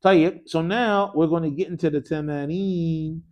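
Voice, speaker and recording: Man, energetic grammar teacher in a mosque classroom, slightly high voice, quizzing call-and-response style, casual slang. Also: measured pace. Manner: energetic, quizzes students with frequent "what?" prompts. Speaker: Arabic teacher.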